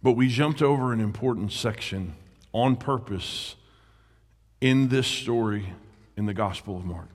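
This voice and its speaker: A man preaching a sermon as a pastor. He draws his words out and lets key lines sink to a near hush. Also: lowish voice. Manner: slow, drawn-out delivery that sinks to a hush on key words. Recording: reverberant hall.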